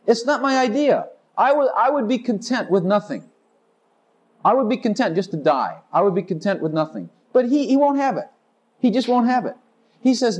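A man's voice: high-pitched, breathy edge. A man preaching a sermon, exuberant and emphatic, breaking into song snatches and laughter. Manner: exuberant, sings snatches, laughs, rapid-fire declarations.

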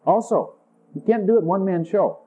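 A man's voice: fairly quick, slightly rough. A man preaching a sermon in an intimate way, acting out conversations with Jesus. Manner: intimate, acts out dialogues with Jesus in a higher voice. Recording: tinny phone-like sound.

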